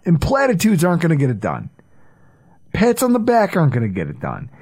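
A man hosting a sports podcast, talking in a casual, animated way with some swearing. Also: on the high side, a little fast. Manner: animated, swearing, breaks into impressions. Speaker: podcast host.

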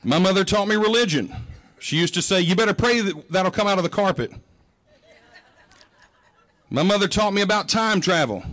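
High-voiced man preaching with folksy humor. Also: expressive, moderate pace, pauses often, a bit bright. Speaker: pastor. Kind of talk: sermon.

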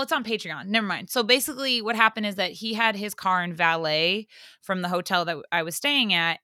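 A young woman hosting a podcast, telling a story in casual chat, animated, full of fillers and swearing. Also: mid-range voice, clear, resonant tone, dry recording, studio quality. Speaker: podcast host.

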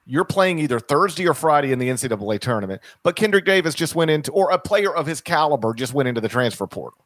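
A man's voice: fairly high pitch, expressive, quick pace, a bit bright, dry recording. A man in a casual podcast discussion on college basketball, thinking aloud and often repeating his words as he makes his point.

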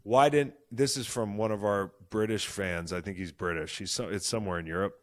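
A man in his thirties hosting a casual sports podcast, excitable and loud, swearing freely as he talks. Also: lowish voice, fairly quick. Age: 30s. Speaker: podcast host.

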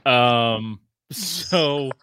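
A man in his thirties hosting a casual sports podcast, telling stories excitedly and swearing freely. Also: mid-range voice, drawn-out words, clear, resonant tone, dry recording, clean studio sound. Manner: excitable, profane storytelling. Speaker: podcast host.

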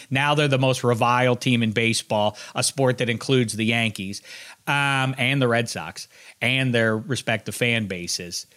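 A man co-hosting a sports talk show, giving opinionated takes that swing from low mutters to emphatic rising rants. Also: normal speed, sharp tone. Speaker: sports podcast co-host.

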